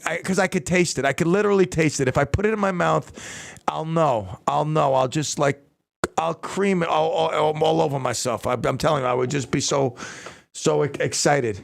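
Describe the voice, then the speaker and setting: A man hosting a radio talk show, rambling excitedly and stumbling over his words. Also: a little high, creaky.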